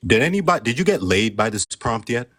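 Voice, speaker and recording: A man's voice: medium pitch, big pitch swings, fast, a crowd in the background. A man calling into a heated live-stream debate, heckling the host with sarcasm and swearing.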